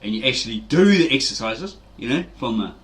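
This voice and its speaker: A man's voice: mid-range voice, big pitch swings, fairly quick. Chatty man rambling through stories. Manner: anecdotal, chatty, keeps tagging with "right?". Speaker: fitness channel host. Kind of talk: rambling motivational monologue.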